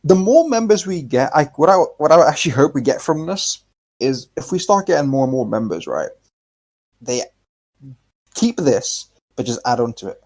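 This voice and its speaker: A man co-hosting a casual podcast chat, rambling and animated, swearing freely and restarting his sentences often. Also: a little high, moderate pace. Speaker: podcast co-host.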